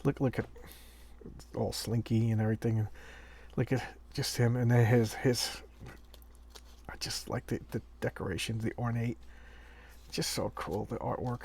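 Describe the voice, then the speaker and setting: A man casually paging through an old horror comic, talking with rambling enthusiasm and drifting into soft, quiet asides. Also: medium pitch, steady tone, normal speed, vocal fry, long pauses, slightly rough. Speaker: comic collector reviewing an issue.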